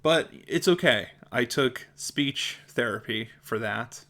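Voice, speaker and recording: A man's voice: mid-range voice, animated, takes it slowly, bright, forceful tone. A man talking casually to camera in a vlog, often stumbling over and repeating words and laughing at his own slips. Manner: chatty and self-deprecating. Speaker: video creator.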